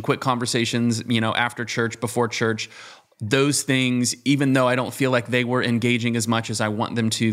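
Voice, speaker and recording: Male youth leader, lowish voice, relaxed encouraging testimony.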